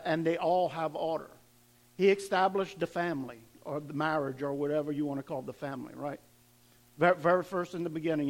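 A pastor with a high voice preaches to his congregation. His talk is loose and conversational, full of questions thrown to the room and words said twice as he builds up a point. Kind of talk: sermon.

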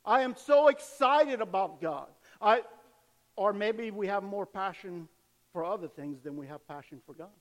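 Older preacher, high voice, long reverb. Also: male voice, moderate pace. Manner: animated preaching, acts out cheering fans. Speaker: pastor. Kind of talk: sermon.

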